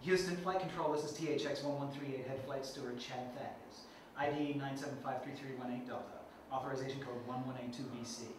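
A man's voice: medium pitch, steady tone, quick pace, few pauses, lightly acted. A man as a formal wounded steward, recited delivery, distant mic. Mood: urgent. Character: wounded male head flight steward. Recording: echoey room, distant mic, noisy.

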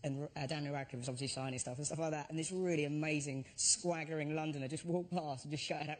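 Animated high-voiced comedian. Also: male voice, fast talker, hardly any pauses. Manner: animated storyteller acting out voices. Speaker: comedian panellist. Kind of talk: stand-up anecdotes on a panel show. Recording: TV studio audience noise.

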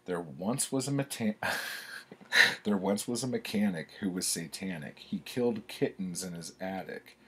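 A man's voice: low voice, lively intonation, measured pace, fairly bright tone, husky. A man reading his old childhood poems aloud and commenting on them in a wry, self-mocking way.

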